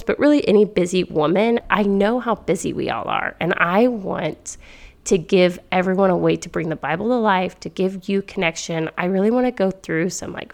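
Chatty woman podcast host, gravelly voice. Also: medium pitch. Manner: chatty and enthusiastic, thinking aloud. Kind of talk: casual faith podcast talk.

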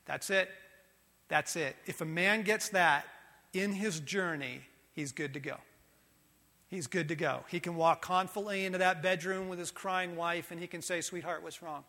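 A man preaches with a high, bright voice that leaps from loud bursts to hushed, tender lines. His sermon rings through a large hall with a long reverb tail. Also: moderate pace. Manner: animated, swinging from loud to soft and intimate.

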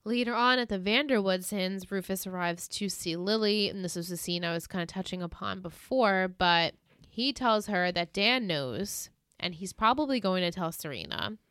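A woman co-hosting a podcast in casual chat, recapping scenes with animated retellings. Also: medium pitch, normal speed, smooth, no echo, studio quality. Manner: animated retelling, acts out quoted lines in exaggerated voices. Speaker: podcast co-host.

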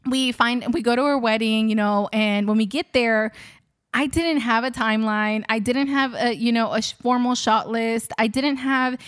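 A woman's voice: on the high side, steady tone, normal speed, smooth, no room sound, studio quality. A woman who is a wedding photographer and host, telling a story casually to her listeners, chatty with many fillers and frequent laughs.

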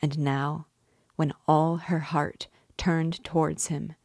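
Slow, low-voiced woman reading a classic. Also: breathy edge, no echo, clean studio sound. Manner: measured, steady reading. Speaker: audiobook reader and guide. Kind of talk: classic novel read aloud.

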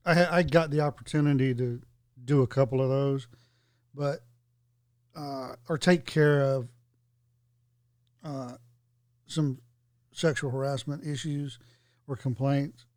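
A man in casual chat, speaking haltingly with many fillers. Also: medium pitch, steady tone, darkish tone, dry recording, studio quality.

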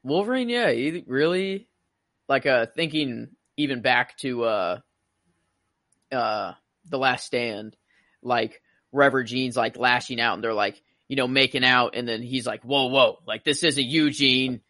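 A man's voice: medium pitch, a little slow, pushed and bright, no echo, studio quality. A man in loose casual chat with friends, heavy on fillers.

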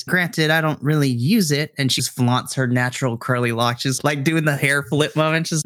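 A man's voice: mid-range voice, moderate pace, few pauses, a bit bright, no echo. Male game master, casual storyteller, close dry mic. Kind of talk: narrating a tabletop game.

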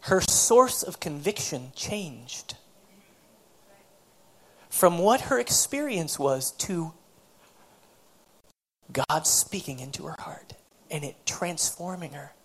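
Earnest woman preacher, low voice. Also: animated, slow pace, pauses often, husky. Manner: earnest, storytelling, repeats words. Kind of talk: sermon.

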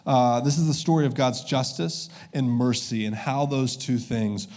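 A man's voice: mid-range voice, fairly even intonation, moderate pace, a little mellow. Casual-sounding male pastor. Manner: conversational, with filler uhs and restarts. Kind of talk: sermon.

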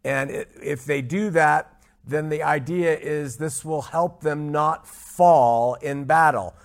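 A man teaching a Bible study, speaking emphatically, repeating key points and slowing down to stress scripture. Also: on the high side.

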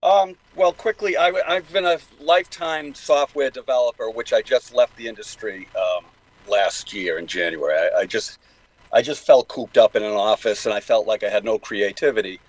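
A man's voice: lowish voice, normal speed, no echo, poor audio. An older man with a Boston accent, talking at length as a guest in a casual interview, rambling with many fillers and restarts. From New England.

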